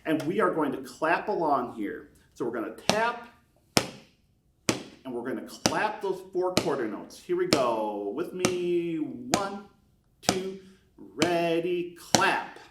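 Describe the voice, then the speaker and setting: A man's voice: on the high side, sing-song, a little slow, heavy background noise. A man teaching beginners a brass lesson step by step, counting beats aloud and encouraging them. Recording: echoey room, mic at a distance.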